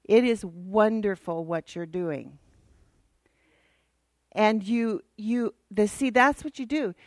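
A woman's voice: medium pitch, slow pace, dry recording. A woman Bible teacher giving a casual, teasing and direct church lesson to a worship team.

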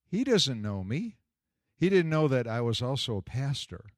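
An older man tells a personal story in a medium-pitched voice and hammers his points home by repeating them. His voice jumps up high when he gets emphatic. The sound is dry and close, with no room echo. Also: big pitch swings, moderate pace, darkish tone. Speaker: pastor and jail chaplain.

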